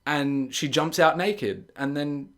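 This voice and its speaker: Guy ranting about a horror movie, sarcastic, keeps doing silly high voices. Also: slow pace. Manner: animated, jumps into high mocking voices for quotes; sarcastic and exasperated. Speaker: movie reviewer. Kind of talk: casual spoken film review.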